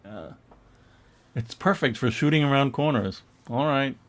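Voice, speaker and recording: A man co-hosting a casual online chat about comic book art, chatty and quick to laugh, now and then reading captions aloud in mock voices. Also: medium pitch. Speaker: museum co-host.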